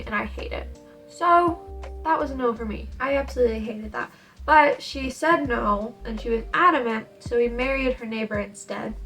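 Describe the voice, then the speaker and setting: A young woman with a slightly high voice chats through a book review in a casual vlog, animated and emphatic and full of slang. She sounds a little tired. Soft music plays faintly underneath. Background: faint background music.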